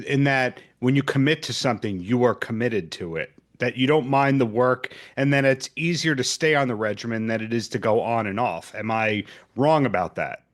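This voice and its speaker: A male podcast host with a voice of ordinary pitch leads an interview. He frames his questions at length, speaking in a measured, conversational manner.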